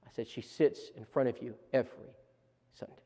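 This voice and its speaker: A man preacher telling lively stories at a church seminar, stumbling over restarts as he talks. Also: medium pitch, fairly quick. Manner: animated storytelling with many restarts. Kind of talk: storytelling seminar talk. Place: church auditorium. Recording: long church hall reverb.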